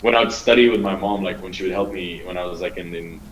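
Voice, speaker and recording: Low-ish guy rattling off swear-heavy stories fast, roomy echo. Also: distant mic, crowd noise. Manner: fast, profane, animated storytelling. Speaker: podcast guest, comedian. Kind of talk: casual chat.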